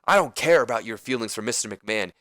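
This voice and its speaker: Man voicing a cocky male wrestler, brash, taunting, raised loud voice, very dry close sound. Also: medium pitch, animated, fast talker, no echo.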